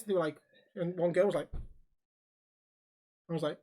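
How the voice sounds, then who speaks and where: A man's voice: on the high side, steady tone, moderate pace, long pauses, darkish tone. A man from Liverpool with a Scouse accent, co-hosting a casual podcast chat, swearing freely and acting out dialogue as he tells stories. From Liverpool, England. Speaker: podcast co-host.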